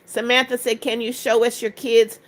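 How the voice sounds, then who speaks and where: A woman's voice: fairly high pitch, flat delivery, normal speed. A woman in her seventies hosting a live stream, tired after hours of talking, reading each viewer comment aloud and answering it briefly. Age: 70s. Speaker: livestream host.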